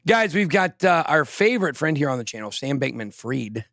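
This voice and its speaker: A man's voice: fairly high pitch, very animated, fairly quick, fairly bright tone, no echo, studio quality. A man hosting a crypto show in casual chat, joking and poking fun at himself while reading the news with tangents. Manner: joking, self-mocking, reads news with tangents.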